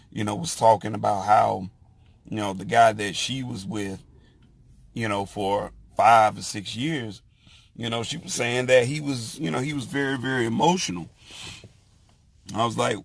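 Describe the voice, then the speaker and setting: Slow, gravelly man talking casually. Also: medium pitch, a bit bright. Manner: slow, halting, with many "you know" fillers and restarts. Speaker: speaker sharing opinions. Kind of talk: casual monologue.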